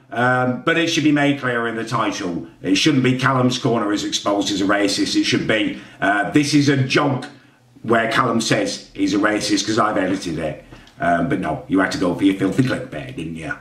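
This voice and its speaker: A man's voice: mid-range voice, moderate pace, a bit bright, roomy sound, far from the mic. A man giving rambling, defensive reaction commentary, sounding exasperated. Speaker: YouTuber reacting to a parody edit of his own videos.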